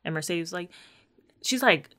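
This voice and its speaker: A woman's voice: on the low side, animated, measured pace, fairly bright tone. A woman co-hosting a casual podcast, playfully recapping a TV episode in slang and laughing easily. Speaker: podcast co-host.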